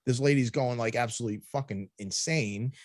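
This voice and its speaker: A man's voice: mid-range voice, a little fast. A man telling a casual story on a podcast, swearing freely, laughing often and acting out the voices of the people in it. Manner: profane, laughing, acts out quoted voices. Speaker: podcast co-host.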